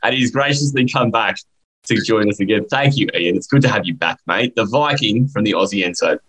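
A man's voice: on the low side, brisk, fairly bright tone, husky, poor audio. A man hosting a casual podcast chat, joking around and calling his co-hosts "mate". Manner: jokey, laughs often, drawls "mate". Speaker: podcast host.

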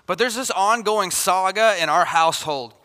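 A man's voice: high-pitched, moderate pace, bright, forceful tone. A man in his thirties preaching a sermon, telling a family story and acting out his children's voices. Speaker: pastor. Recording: long hall reverb.

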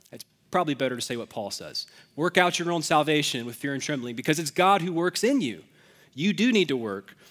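A man's voice: medium pitch, a bit bright. A young adult man preaching a sermon as pastor, conversational and self-deprecating, with casual asides.

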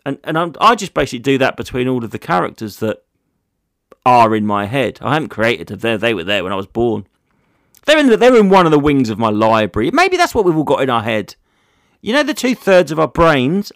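A man's voice: medium pitch, very animated, a little fast, fairly bright tone, dry recording, clean studio sound. A man, a comedian hosting a casual solo podcast, rambling through jokey stories with plenty of swearing.

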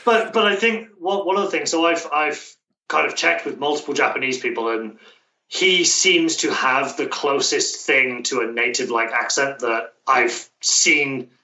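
A man's voice: mid-range voice, moderate pace, bright, forceful tone. A man from Britain, a language coach, talking as an interview guest in a thoughtful way with many restarts. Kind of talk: casual interview conversation. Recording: echoey room, distant mic.

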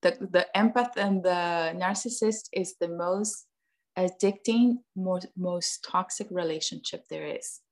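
A woman's voice: lowish voice, unhurried. A woman guest in a casual podcast conversation, talking earnestly, often repeating phrases and acting out what parents say to kids.

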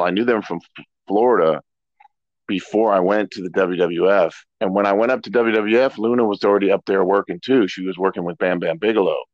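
A middle-aged man, a former wrestler, telling stories in a relaxed, rambling way as an interview guest. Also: deep voice, no room sound. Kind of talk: casual storytelling interview. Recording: dull lo-fi dry audio.

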